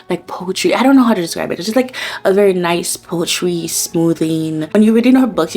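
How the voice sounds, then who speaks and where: A woman in her twenties chatting casually to camera as a book vlogger, rambling with lots of "like" fillers and gushing excitement, at home. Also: fairly low pitch. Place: at home, under a blanket.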